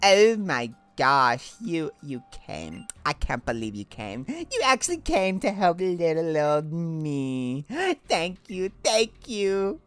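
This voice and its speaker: A woman's voice: low-pitched, very animated, slow pace, full character voice. A woman voicing an earnest, gushing young girl with a breathless manner.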